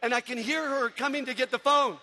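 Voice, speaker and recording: A man telling a comic family story to a live audience, animated and quick, acting out voices. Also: very high-pitched. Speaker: youth speaker. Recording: long reverb of a large hall.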